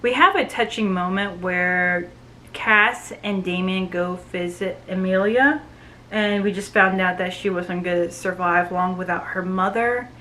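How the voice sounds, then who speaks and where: A woman's voice: on the low side, a little slow, bright, forceful tone, a little hiss or hum, rough recording. A woman giving a casual, enthusiastic book review, recapping the plot in a chatty way with frequent "like" and "you know". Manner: chatty and enthusiastic, with many fillers.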